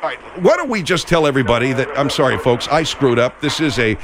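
A man hosting a comic radio talk show, animated and quick to backpedal. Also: mid-range voice, background noise.

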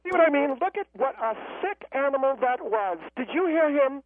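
Man doing a shrill snippy old lady caller. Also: expressive, moderate pace. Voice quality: high cracking falsetto. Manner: snippy, mocking, combative. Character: haughty combative older woman sports reviewer. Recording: dry tinny phone line.

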